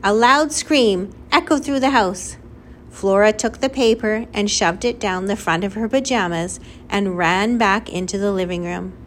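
A woman reading a children's novel aloud as narrator, in a clear, lively storytelling manner. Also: medium pitch, slight background noise. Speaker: audiobook narrator. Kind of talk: scripted narration.

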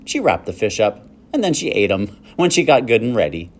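A man's voice: lowish voice, very animated, a little fast, voice pushed up. A man reading aloud and voicing an imaginative young farm girl, earnest and eager as she tells her tales.

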